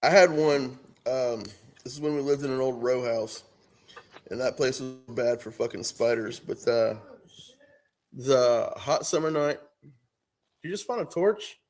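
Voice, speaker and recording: A man's voice: medium pitch, a little slow, pauses often, a little mellow. A middle-aged man on a podcast, telling a profane story in casual chat, often laughing. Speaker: podcast co-host.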